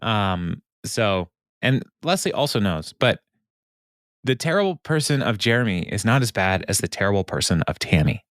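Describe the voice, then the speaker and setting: A man hosting a podcast, walking through a sitcom episode scene by scene. His voice sits fairly low, and he keeps breaking into laughter as he quotes the lines. The sound is dry and close, with no room around it. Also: sing-song, normal speed, a bit bright, dry recording. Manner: laughs often while retelling scenes and quoting characters. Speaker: podcast host recapping a TV episode. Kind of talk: casual chat.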